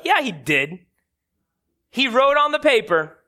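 High, animated preacher man. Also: slow, long pauses. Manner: dramatic, preachy storytelling with rising emphasis. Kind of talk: sermon.

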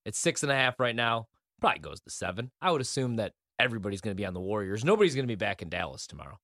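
Lively-pitched male betting co-host. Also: racing. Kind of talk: casual sports betting chat.

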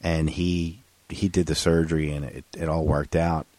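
A man's voice: rumbling low, flat delivery, moderate pace, a little mellow, no room sound. A man co-hosting a casual podcast, telling a family story with lots of profanity and acted-out quotes. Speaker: podcast co-host.

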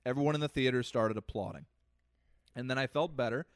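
A man co-hosting a podcast, telling a comic story in a lively, animated way that swings between loud and soft. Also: medium pitch, a little fast, dry recording, clean studio sound. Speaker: podcast co-host. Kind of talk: casual chat, comic storytelling.

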